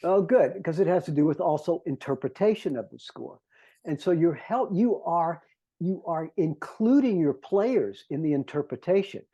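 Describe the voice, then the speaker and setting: A man's voice: on the high side, animated, moderate pace, mellow, slightly rough, highs cut off. A man, a composer, earnestly explaining his scores to conductors and humming melodies to make his points. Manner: earnest teacher who hums melodies to illustrate.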